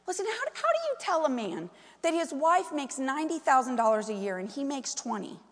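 A woman preaching a sermon, animated and full of questions to the congregation. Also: sits high, normal speed, in a large hall. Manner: animated, asks the crowd many questions. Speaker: pastor's wife preaching.

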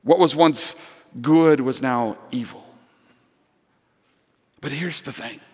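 A man's voice: medium pitch, slow pace, breathy edge, big-room sound. A male pastor preaching a sermon earnestly, with emphatic repetition, to a church congregation. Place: church sanctuary.

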